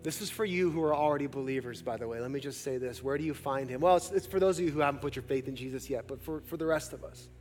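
A man pastor preaching a sermon, shifting between loud emphatic peaks and hushed, slow appeals to the congregation. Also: medium pitch, big-room sound, soft background music.

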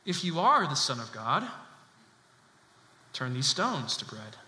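A preacher dropping into a low, hushed devil voice, a sly male tempter, coaxing and insinuating, heard in a roomy, echoing hall with a long reverb tail. The voice is darker and much lower than the man's own bright preaching tone. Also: big pitch swings, takes it slowly, full character voice. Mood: tempting.

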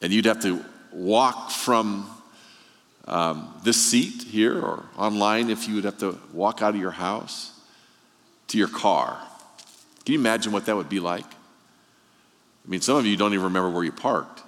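Male pastor, low voice, sermon delivery, keeps asking questions and builds emphasis, long hall reverb. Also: measured pace, pauses often, fairly bright tone. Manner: questioning, storytelling, rising emphasis.

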